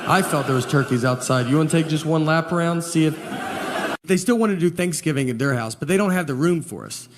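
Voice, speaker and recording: A man performing a stand-up comedy set, telling stories in a slow deadpan way with hesitant pauses. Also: fairly high pitch. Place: live comedy venue with audience. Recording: live show with audience laughter and background noise.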